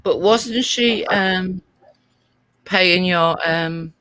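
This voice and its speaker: A woman's voice: fairly low pitch, very slow, a bit bright, clear, resonant tone. A woman hosting a live call-in stream, sternly confronting a caller. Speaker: host.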